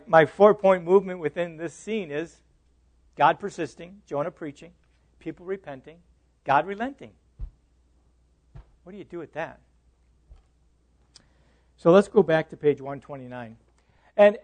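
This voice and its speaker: A pastor teaching a Bible class in an animated, interactive way, often restarting his words and putting questions to his listeners. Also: sits high.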